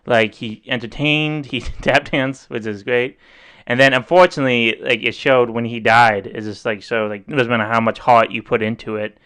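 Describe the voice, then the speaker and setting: A man in easygoing podcast chat, his voice bright and clear with a smooth, ringing edge. He rambles as he talks, strings thoughts together with loose fillers, and circles back on himself. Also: mid-range voice, steady tone, moderate pace. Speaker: podcast co-host. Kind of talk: casual chat.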